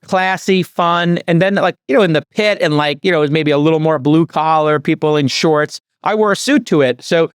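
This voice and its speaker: A man hosting a podcast, rattling through rambling stories at a quick clip. His delivery is animated and chatty, with a dry, close studio sound. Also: a little high, smooth, no echo. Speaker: podcast host. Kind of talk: casual chat.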